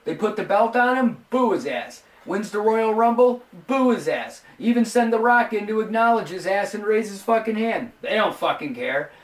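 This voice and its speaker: A man's voice: sits high, normal speed, few pauses. A man in his forties, hosting a casual show and rambling profanely about wrestling. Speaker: host. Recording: roomy, distant mic, faint music.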